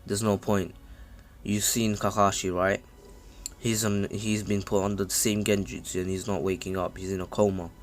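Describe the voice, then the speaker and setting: A man doing a quiet, serious old sage. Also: lowish voice, flat delivery, moderate pace, natural voice. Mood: grave. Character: wise old male sage mentor.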